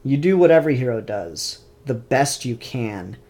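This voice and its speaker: A man's voice: mid-range voice, lively intonation, normal speed, warm tone, lightly acted. A man voicing an earnest, good-hearted young boy hero while retelling a comic. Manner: sincere, encouraging.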